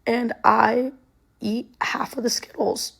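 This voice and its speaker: Husky young woman with vocal fry. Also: fairly high pitch, level tone, fairly bright tone. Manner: halting, many ums and restarts. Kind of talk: casual storytelling to camera.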